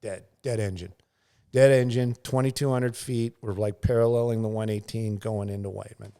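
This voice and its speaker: A man's voice: fairly low pitch, fairly even intonation, moderate pace, warm tone. A middle-aged man, a news pilot and guest, telling a casual, rambling story full of fillers and restarts, and acting out sounds and quotes.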